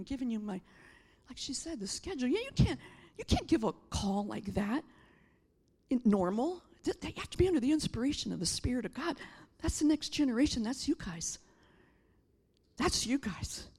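A middle-aged woman preaching a sermon, impassioned and emphatic, rising to shouts and then dropping quiet and tearful. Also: fairly high pitch, husky. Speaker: pastor.

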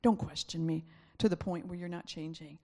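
A woman's voice: fairly low pitch, fairly even intonation, moderate pace, darkish tone. A woman preacher giving a conversational sermon, acting out voices with laughing asides.

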